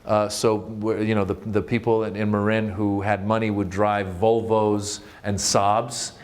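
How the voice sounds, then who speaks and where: A man's voice: on the low side, level tone, a little slow. A man from Northern California giving a humorous storytelling talk, chatty and self-mocking, often stopping to restart with fillers. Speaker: author and comedian giving a talk.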